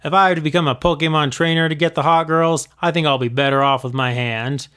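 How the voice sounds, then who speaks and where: Grumbling teen boy, read by a man, flat, disgusted delivery. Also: on the high side, fast talker, smooth, lightly acted. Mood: irritated. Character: surly teenage boy who hates Pokemon.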